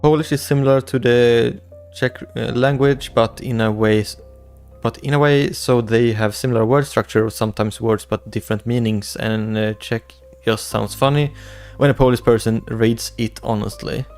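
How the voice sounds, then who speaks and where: A man's voice: medium pitch, steady tone, moderate pace, a little mellow. A young man, hosting a casual livestream and reading chat aloud, rambling with repeated words and restarts. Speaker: livestream host. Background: faint background music.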